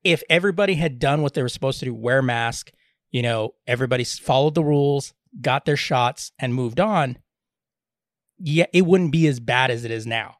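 A man's voice: mid-range voice, normal speed, dry recording. Podcast co-host, male, blunt and rambling, dry close-miked sound. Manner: rambling, blunt, many restarts. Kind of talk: casual chat.

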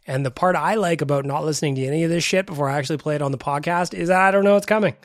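A man's voice: fairly high pitch, racing, dry recording, studio quality. A man hosting a casual podcast, reacting to listener voicemails with laughter, swearing, and effusive thanks. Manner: profane, laughing, effusively grateful. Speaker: podcast host.

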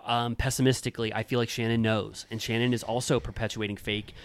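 A man co-hosting a podcast in casual chat, animated and blunt, swearing often and mimicking people in a high voice. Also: fast talker. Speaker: podcast co-host.

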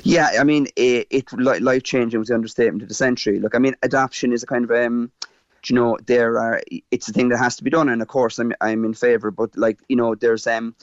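Irish man, 50s, Cork accent, animated halting storyteller, muffled dry line. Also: mid-range voice, no echo. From Ireland. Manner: animated, halting with fillers and restarts. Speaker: guest. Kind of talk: casual interview storytelling.

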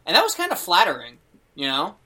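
Animated young man telling a story. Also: high voice, fast talker, breathy edge. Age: young adult. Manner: animated, acts out quotes, many fillers. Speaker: podcast host. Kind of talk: casual storytelling chat.

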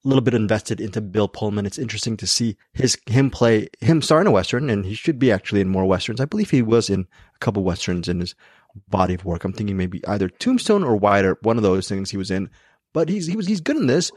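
A man's voice: on the low side, very animated, quick pace, a little mellow, no echo, clean studio sound. A man hosting a film podcast, moving the segments along and giving his own take. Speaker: podcast host. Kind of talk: casual movie review chat.

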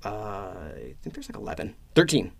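A man co-hosting a podcast in casual chat, his voice sitting fairly low. He talks in halting bursts, restarting and repeating words, and laughs as he retells scenes. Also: huge pitch swings, gravelly, breathy edge. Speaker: podcast co-host.

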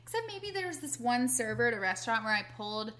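A young woman in casual conversation, animated and explanatory, acting out quotes with a raised voice. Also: on the high side, fast talker. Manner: animated, explains things, acts out quotes loudly. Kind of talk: casual chat.

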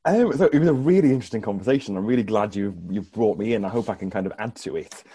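A man speaks as an academic guest, his low voice mellow and soft-edged. He answers thoughtfully, padding his points with fillers as he works through ideas. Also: expressive, fast, husky. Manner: thoughtful, many hedging fillers. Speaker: guest academic, associate dean. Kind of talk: conversational interview answers.

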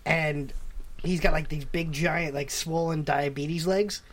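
A man's voice: on the high side, steady tone, slow, fairly bright tone. A man co-hosting a podcast, telling a rambling story in casual chat with lots of fillers. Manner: laughing, rambling, full of fillers and swings in tone. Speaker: podcast co-host.

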